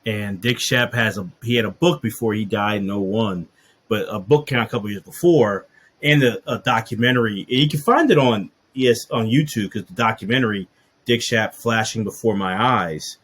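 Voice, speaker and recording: A man hosting a podcast in casual chat, telling a relaxed anecdote. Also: on the low side, normal speed, breathy edge. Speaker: podcast host.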